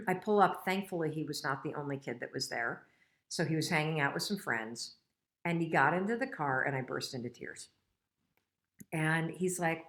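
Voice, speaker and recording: A woman's voice: low voice, lively intonation, normal speed, pauses often. A middle-aged woman hosting a casual live stream, talking frankly and motivationally and getting emotional and choked up. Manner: emotional, gets choked up and tearful. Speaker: host.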